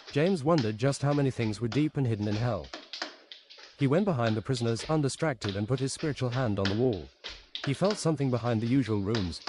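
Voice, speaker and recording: Man deadpan reading a story on stream. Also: mid-range voice.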